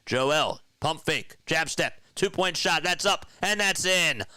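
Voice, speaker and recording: Fed up with his team, a partisan fan calls a basketball game play-by-play from home on a streaming mic. His voice sits on the high side, animated yet slow, pushed and bright, clear and resonant, with no room sound.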